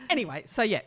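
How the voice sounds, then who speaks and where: A woman's voice: medium pitch, sharp tone. An Australian woman in her forties, co-hosting a podcast, telling rambling stories in casual chat and laughing often. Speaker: podcast co-host.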